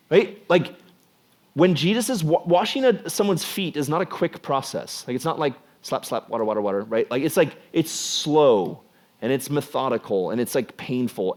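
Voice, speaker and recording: A young man preaching a casual youth sermon, animated and jokey, acting out the scenes. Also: fairly high pitch. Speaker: youth pastor.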